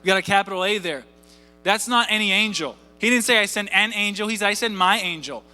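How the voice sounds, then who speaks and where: A man in his thirties preaching a sermon in a church, animated and conversational, full of asides and rhetorical questions. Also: high voice, fast, clean tone. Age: 30s. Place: church sanctuary. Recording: church hall reverb with faint music.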